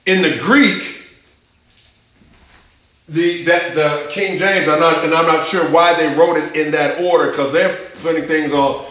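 A man's voice: a little high, unhurried, fairly bright tone. A man preaching a sermon, teaching scripture with emphasis and asking the congregation questions. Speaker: pastor. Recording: echoey church hall.

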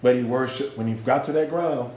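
A man's voice: a little fast, a little hiss or hum. Impassioned preacher man, echoey room. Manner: impassioned, swings from loud shouts to low hushed lines; uses street slang for emphasis. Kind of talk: sermon.

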